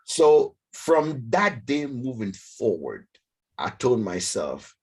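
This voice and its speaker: A man whose first language is French, telling a lively story as an interview guest and acting out the voices of the people in it. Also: medium pitch, slow pace, breathy edge. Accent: French-speaking African. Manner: animated, acts out voices in his story.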